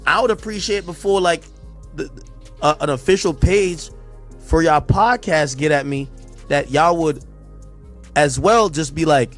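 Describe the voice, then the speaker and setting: Male podcast voice, high pitch, earnest and loose speech with faint music behind. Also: normal speed. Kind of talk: podcast talk clip.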